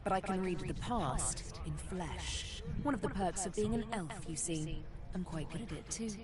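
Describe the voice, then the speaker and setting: A woman's voice: lowish voice, animated, normal speed, over a noisy crowd, close to an everyday voice. A woman voicing a sly, teasing female elf who reads the past, in a playful, purring manner.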